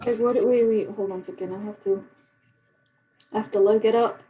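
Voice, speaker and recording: A woman with a mid-range voice chatting casually with a friend. Her storytelling is relaxed and low-key, and she often drops to a soft, quiet delivery. A faint hiss sits under the recording. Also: fairly quick, narrow, tinny audio. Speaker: medical student. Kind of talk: casual chat.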